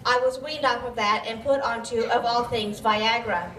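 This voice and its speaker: A woman's voice: fairly high pitch, fairly even intonation, normal speed, recorded from a distance, slight background noise. Breathless woman speaking in an echoey hall. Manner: candid, chatty, gently joking. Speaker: patient speaker. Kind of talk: public talk at an event. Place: event venue. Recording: echoey hall, mic from afar.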